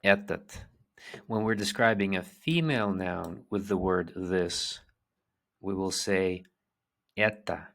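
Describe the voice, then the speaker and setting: A man giving a language lesson, explaining slowly with fillers and restarts. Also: deep voice, vocal fry, a bit bright. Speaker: language teacher. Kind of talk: lecture.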